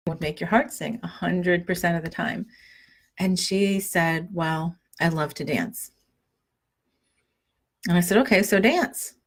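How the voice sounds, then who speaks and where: Lower-pitched woman, middle-aged, chatty spiritual podcast host, rambly with fillers. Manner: rambling, many fillers and restarts. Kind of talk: casual spoken monologue.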